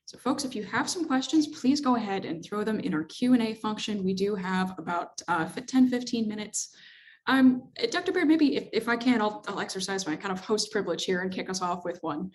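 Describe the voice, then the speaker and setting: A woman's voice: medium pitch, animated, fairly quick. A woman hosting a webinar, moderating questions in a friendly, somewhat hesitant way with fillers. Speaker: webinar host.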